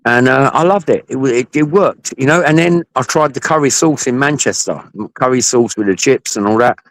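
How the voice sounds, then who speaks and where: A man's voice: medium pitch, a little fast, no echo, rough recording. A man in casual panel chat on a video call, rambling through anecdotes and swearing freely. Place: home setup on a live video call.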